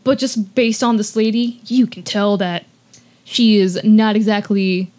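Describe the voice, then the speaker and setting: A woman's voice: medium pitch, unhurried. A woman telling a story in a casual podcast chat, full of likes and restarts and acting out what people said. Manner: animated, many likes and restarts, acts out quotes.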